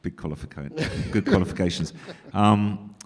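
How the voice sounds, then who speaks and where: A man's voice: deep voice, normal speed. A man interviewing a guest, asking short follow-up questions.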